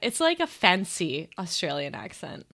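A woman's voice: lowish voice, sing-song, normal speed, sharp tone, dry recording, clean studio sound. A woman co-hosting a podcast in casual chat, self-deprecating and giggly. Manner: self-deprecating, giggly, tries silly accents. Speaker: podcast co-host.

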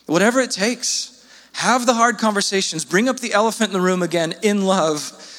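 A man delivers a sermon in an earnest, pleading way, his voice leaping upward as he presses each point. His voice sits a little high for a man. The sound hangs in the long reverb of a church hall. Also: normal speed, a bit bright. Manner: earnest, pleading, with sudden rises in pitch. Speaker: pastor.

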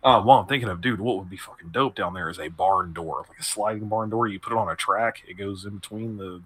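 A man's voice: fairly low pitch, quick pace, fairly bright tone, slightly rough. A man narrating as game master for a tabletop game, rambling and laughing as he describes scenes.

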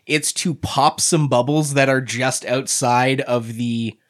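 A man's voice: mid-range voice, slow. Rambling man describing his character's move. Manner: relaxed, rambling with many fillers. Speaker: player. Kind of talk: narrating his character in a tabletop game.

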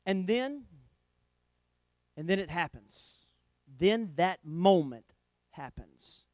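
A middle-aged man preaching a sermon, telling the story with animated swings between loud emphasis and hushed lines. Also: high voice, slow pace, no room sound.

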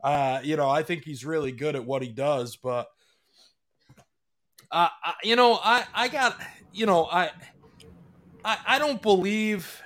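A man's voice: a little high, unhurried, pauses often. A man in casual sports chat, arguing his points emphatically, with swearing and frequent restarts. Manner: animated, emphatic, profane, lots of restarts.

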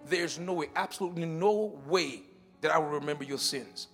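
A man delivers a sermon in a church with a notably high voice. He swings between quiet, careful explanation and loud, urgent declarations, often repeating words as he works through a point. Faint music runs behind him. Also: normal speed. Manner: shifts from shouted declarations to quiet teaching. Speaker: pastor. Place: church sanctuary.

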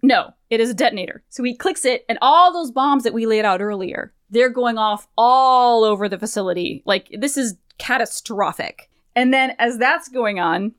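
A woman in her thirties co-hosting a podcast, recapping a game in animated, profane storytelling. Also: on the high side, normal speed, few pauses, clean tone, no echo, studio quality. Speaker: podcast co-host. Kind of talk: casual game recap chat.

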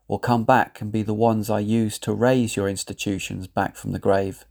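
A man, solemnly reading out a prophetic word in a measured, grave, declamatory way. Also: fairly low pitch, mellow. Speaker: lay prophet.

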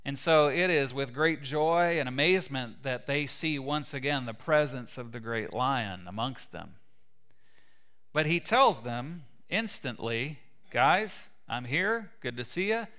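A middle-aged man preaching a sermon, retelling a story in an animated way and briefly voicing its characters. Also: medium pitch, clean tone. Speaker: pastor.

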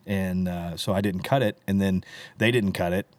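A man with a fairly low voice tells rambling, animated stories in a casual podcast chat, tossing in "dude" and "right?" as he goes. The recording is close and dry, with no room sound. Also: moderate pace, dry recording. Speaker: country singer telling stories.

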